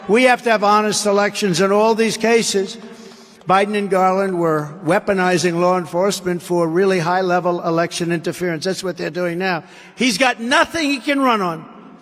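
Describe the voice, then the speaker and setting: A man giving a campaign rally speech as a political candidate, emphatic and repetitive, with rambling asides. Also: high-pitched. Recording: long hall reverb.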